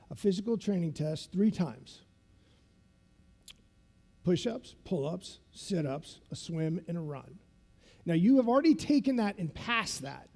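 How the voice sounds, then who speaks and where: With a high, warm voice, a man in his fifties delivers a motivational keynote built around a vivid story, pausing to check in with his listeners as he goes.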